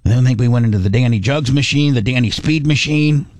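A man hosting a radio show, chatting casually with halting restarts. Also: mid-range voice, darkish tone, no room sound. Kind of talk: casual studio banter.

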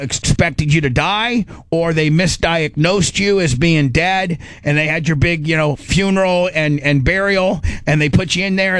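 A middle-aged man hosting a talk show, telling a story in a casual, animated way, acting out his own panicked self-talk with frequent restarts. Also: on the high side, dry recording.

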